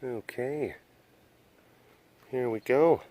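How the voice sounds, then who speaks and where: With a dark tone and drawn-out words at medium pitch, a sanctuary vlogger narrates casually as he tours an outdoor wildlife compound. He keeps up a chatty, joking patter and coos at the cats.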